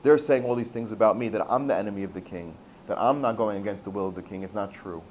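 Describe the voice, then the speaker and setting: Male storyteller voicing a falsely accused young man; earnest, quiet plea. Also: lowish voice, fast, slight background noise, pitched below the performer's own voice, close to an everyday voice. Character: young man pleading innocence before a king.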